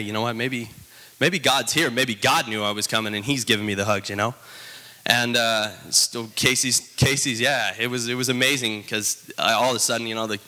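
Man, church testimony, halting and earnest, cutting voice, hall reverb. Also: on the low side, bright, forceful tone. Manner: halting, many restarts, earnest storytelling. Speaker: church member giving a testimony.

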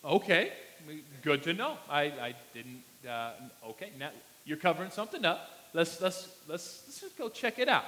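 Man, pastor, animated sermon storytelling, high pitch, long hall reverb. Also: fairly quick. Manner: animated storytelling, acting out a child's voice.

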